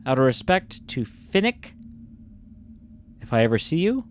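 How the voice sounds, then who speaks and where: A man putting on a gruff English letter writer. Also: mid-range voice, sing-song. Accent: put-on English. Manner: halting read-aloud, stumbling over words.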